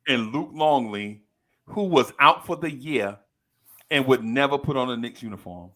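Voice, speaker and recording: A man in his fifties, co-hosting a podcast, telling a story with lively energy and acting out the people in it. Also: mid-range voice, normal speed. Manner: animated storyteller, acts out quoted people in a raised voice. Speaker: podcast co-host. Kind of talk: casual chat.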